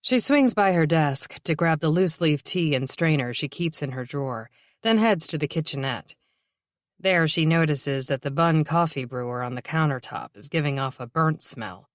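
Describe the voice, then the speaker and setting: An audiobook narrator, a woman with a deep voice, reads a novel in steady, even scripted narration at a moderate pace. The sound is clean studio quality with no room sound.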